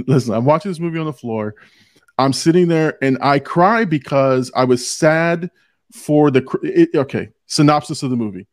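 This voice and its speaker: A man's voice: fairly high pitch, moderate pace, no echo, studio quality. A man hosting a podcast, talking earnestly in casual chat and often restarting as he tells personal stories. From Hispanic family background. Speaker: podcast host.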